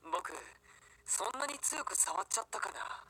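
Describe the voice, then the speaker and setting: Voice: mid-range voice, animated, brisk, bright, forceful tone, a little hiss or hum, low-quality recording. A voice actor playing a clingy, playful grown-up twin man in a Japanese video game, coaxing and sometimes whispering. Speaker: game character voice.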